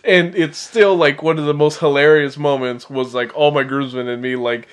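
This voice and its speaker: A man's voice: fairly high pitch, steady tone, moderate pace, smooth. A man co-hosting a casual podcast chat about a movie, laughing often and swearing freely.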